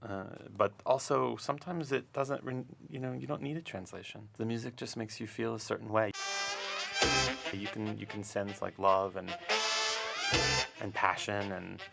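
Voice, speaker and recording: Speaking over music in a relaxed studio interview, a male language instructor gropes thoughtfully for words, frequently restarting and filling pauses. His lowish voice has vocal fry and moves at normal speed.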